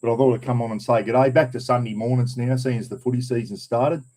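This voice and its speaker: A man's voice: mid-range voice, fairly even intonation, fast, a little mellow. Laid-back Queenslander chatting to viewers. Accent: North Queensland Australian. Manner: laid-back, rambling, broad colloquial slang. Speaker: vlogger. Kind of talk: casual chat to live viewers. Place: home, indoors.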